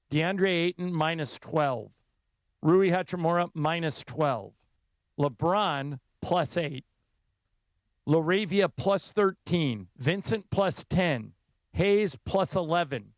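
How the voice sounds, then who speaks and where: Sports radio guy, kinda high voice, dry studio sound, rattles off numbers. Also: takes it slowly, dry recording. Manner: emphatic, reels off stats. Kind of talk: casual sports talk and host-read ad.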